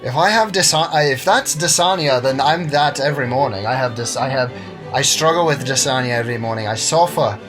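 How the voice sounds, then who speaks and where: A man's voice: mid-range voice, fairly quick, music in the background. A man co-hosting a casual word quiz, joking around and slipping in and out of mock accents. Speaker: co-host of a word quiz stream. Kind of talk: casual chat.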